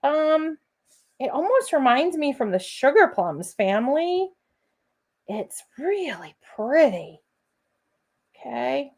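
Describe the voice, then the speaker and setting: A woman hosting a live crafting demo in an unhurried, chatty way. Her voice sits slightly high, and she keeps encouraging viewers as her friends. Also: very animated, a little mellow. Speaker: crafting host.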